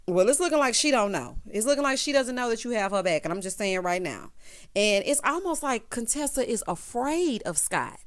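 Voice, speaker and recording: A woman's voice: a little high, very animated, fairly quick. A woman recapping a reality show in a chatty, sassy way, full of quips like "child" and "honey". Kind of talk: casual opinionated show recap.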